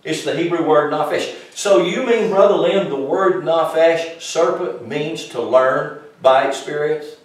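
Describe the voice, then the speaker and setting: A man's voice: on the high side, unhurried, hardly any pauses. A man preaching a Bible-teaching sermon, emphatic and questioning his congregation directly. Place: congregation room. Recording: very echoey room from far off.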